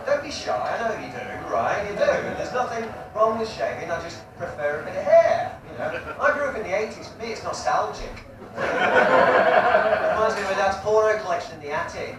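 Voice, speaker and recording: A man doing a stand-up comedy set in front of a live audience, chatty and crude and teasing the crowd. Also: high-pitched. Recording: echoey live room, distant mic, audience noise.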